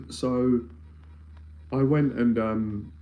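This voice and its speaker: A man from London, England, works as an anxiety mentor and speaks earnestly and emphatically in a live-streamed talk, often repeating phrases to build his point. His medium-pitched voice draws out words, and the audio sounds lo-fi.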